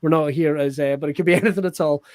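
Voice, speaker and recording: A man hosting an online improv comedy show over a video call, excitable, laughing often and swearing freely. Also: a little high, racing, no room sound. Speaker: host.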